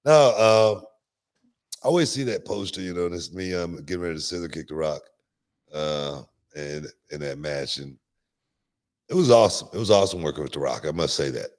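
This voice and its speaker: Older male podcast host; very low voice, animated drawling delivery with restarts. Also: a little fast. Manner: animated, repeats words, drawls. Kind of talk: casual podcast chat.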